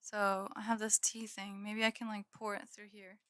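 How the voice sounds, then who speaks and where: A woman's voice: medium pitch, little pitch movement, moderate pace, fairly bright tone. A woman chatting casually on a live stream from her room at home, giggling and swearing now and then while she snacks. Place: home room with green screen.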